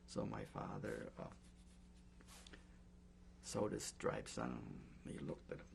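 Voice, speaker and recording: Slow, gravelly older man giving testimony. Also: lowish voice, huge pitch swings, a little mellow, slight background noise. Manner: slow, halting, frequent pauses and fillers. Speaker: Holocaust survivor giving testimony. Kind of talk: oral history testimony.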